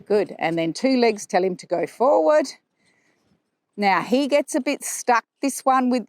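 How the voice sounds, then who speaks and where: A woman horse trainer explaining her riding aids as she rides, calm and explanatory, with soft praise for the horse in between. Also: fairly high pitch, dry recording. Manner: talking while riding a horse. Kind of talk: instructional commentary while riding. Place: riding arena.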